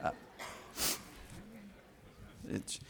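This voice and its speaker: An older man preaching a sermon as a pastor, joking and telling stories, acting out little quotes in between. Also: very slow. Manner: joking, storytelling preacher who acts out quotes.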